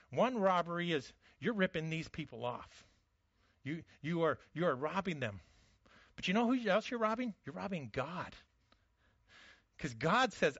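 High-voiced man preaching a sermon. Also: a bit bright, no room sound, lo-fi sound. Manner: conversational preaching with frequent stammered restarts. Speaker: pastor.

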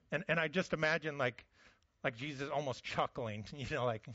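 A man's voice: on the high side, moderate pace, pushed and bright, no room sound, highs cut off. A man preaching a conversational sermon as a pastor, often restarting his words.

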